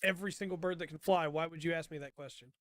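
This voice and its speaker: A man co-hosting a podcast, trading jokes in casual chat with deadpan, teasing setups. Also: a little high, very fast, no room sound, clean studio sound. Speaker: podcast co-host.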